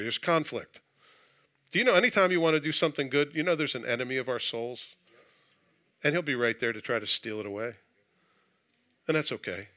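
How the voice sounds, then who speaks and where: A man preaching to his congregation in a church, his voice bright and forceful. He reads scripture and then breaks into casual, joking asides. His delivery stays conversational throughout. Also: medium pitch. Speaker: pastor. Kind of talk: sermon. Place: church sanctuary.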